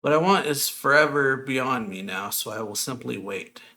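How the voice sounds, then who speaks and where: A man's voice: medium pitch, moderate pace, bright, forceful tone. A man reading aloud the formal, earnest lines of a devoted male angel servant. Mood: resigned.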